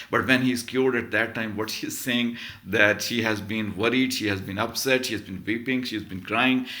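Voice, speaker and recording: A man's voice: on the low side, bright, forceful tone. A man, a literature professor, reading passages from a short story aloud and then explaining them in an emphatic lecture, repeating key phrases.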